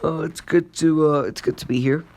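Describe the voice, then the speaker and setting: A friendly grown-up ninja teacher making halting, upbeat announcements to his class in a fan-told anime story, as a man puts him on. His voice carries a creaky rasp. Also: on the high side, steady tone, a little mellow, voice pushed up. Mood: cheerful.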